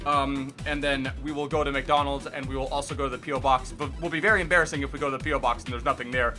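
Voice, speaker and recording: A young man hosting a gaming channel, answering viewer questions in a casual vlog at home, with sudden loud excited bursts. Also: medium pitch, fast talker, hardly any pauses, faint music behind. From Miami, United States. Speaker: gaming YouTuber host. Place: bedroom at home.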